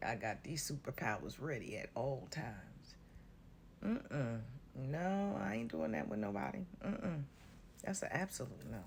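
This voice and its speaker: A woman's voice: a bass voice, gravelly, a little hiss or hum. A woman giving a casual spiritual talk to her viewers, blunt and sassy, swearing freely and calling listeners honey and baby. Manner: drawls terms like honey and baby. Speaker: spiritual content creator.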